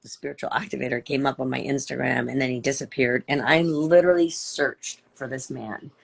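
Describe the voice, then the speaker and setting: A woman's voice: a bass voice, fairly even intonation, a little fast, gravelly, breathy edge. An older woman chatting emotionally on a live stream, gushing and rambling with many restarts. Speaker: livestream host.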